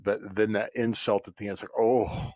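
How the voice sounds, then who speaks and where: A man co-hosting a podcast chats casually in a fairly low voice. He talks haltingly, restarting his sentences and searching for words. The sound is dry and close. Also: flat delivery, no echo. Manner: halting, full of restarts and fillers. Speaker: podcast co-host. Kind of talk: casual chat.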